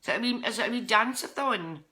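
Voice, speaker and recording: Chatty Scottish woman, bright voice. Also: fairly high pitch, fast. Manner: chatty, rambling, jumps between topics. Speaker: psychic medium. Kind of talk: live-streamed chat with viewers.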